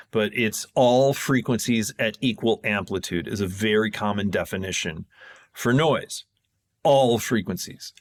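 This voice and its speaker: A man on a podcast as a guest sound designer, casually explaining technical ideas in a rambling, self-correcting way. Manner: rambling, self-correcting, jumps in pitch when excited.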